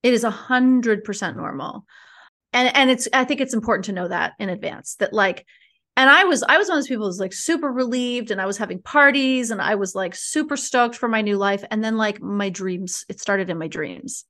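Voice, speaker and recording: A woman speaking as a divorce coach guest in a conversational podcast interview, animated, frank and casually profane. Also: medium pitch, brisk.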